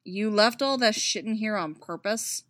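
A woman voicing a wary, gruff male ex-soldier held in a cell, muttering bluntly and suspiciously. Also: mid-range voice, moderate pace, a bit bright, dry recording, studio quality, natural voice.

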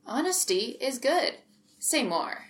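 A woman's voice: high-pitched, sing-song, slow, pitched above the performer's own voice, full character voice. A woman reading a story aloud, voicing an eager, nosy male counselor who talks encouragingly.

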